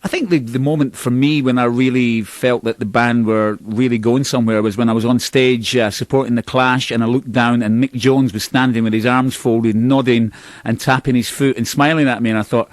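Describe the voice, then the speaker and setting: A man's voice: medium pitch, steady tone, a little fast, no room sound. A middle-aged Scottish man, a band's singer, telling long rambling stories in a radio interview with a self-mocking, laughing manner. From Scotland. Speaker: band singer, interview guest.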